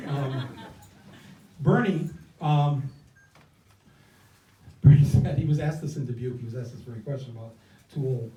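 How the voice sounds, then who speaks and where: A man's voice: mid-range voice, moderate pace, long pauses, dark tone, lo-fi sound. An older man giving an impassioned campaign speech at an indoor event, hammering points home with repeated phrases. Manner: impassioned, rousing, repetitive cadences. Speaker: campaign guest speaker. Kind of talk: stump speech. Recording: echoey room, mic from far off.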